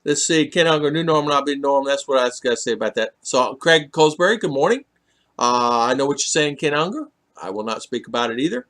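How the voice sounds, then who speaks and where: A man's voice: mid-range voice, expressive, fast talker, a bit bright. A man hosting a casual live stream, reading viewers' comments aloud and teasing them in a chatty way. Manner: teasing, chatty, laughs often.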